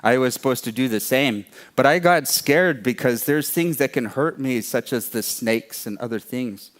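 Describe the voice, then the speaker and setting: A man's voice: mid-range voice, moderate pace, lightly acted. A man voicing a fat male mouse who stays hidden out of fear, speaking in a raised, eager voice. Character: boastful fearful fat male mouse hiding in sagebrush.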